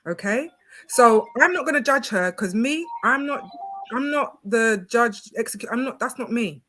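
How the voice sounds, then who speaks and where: A woman's voice: on the high side, lively intonation, normal speed, a bit bright, soft background music. A woman on a video-call panel, giving firm opinions as a mother of a son. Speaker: panel guest. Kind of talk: casual panel discussion.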